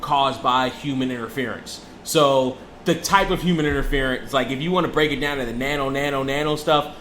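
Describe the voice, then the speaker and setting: A man's voice: medium pitch, fairly quick, a bit bright, roomy sound, a little hiss or hum. A man co-hosting a casual podcast, emphatic and profane, repeating himself as he argues a point. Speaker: podcast co-host. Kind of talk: casual chat.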